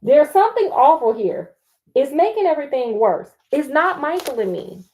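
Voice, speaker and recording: A woman's voice: high voice, sing-song, normal speed, a little mellow. A woman reading the part of an upset young girl who urgently insists on a ghost. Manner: urgent, pleading.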